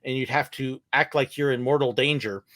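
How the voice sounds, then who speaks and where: A man from California telling relaxed stories over a video call, laughing often. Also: mid-range voice, brisk. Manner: easygoing storyteller, laughs often. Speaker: guest, former theme park ride skipper. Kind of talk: casual video call chat.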